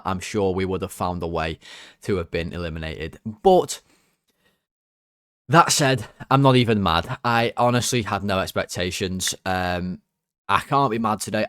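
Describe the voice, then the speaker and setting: A young man hosting a football fan channel, ranting casually and swearing, his voice leaping high when he gets worked up. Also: smooth, no echo, studio quality. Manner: exasperated, swears, jumps to high excited pitch when worked up.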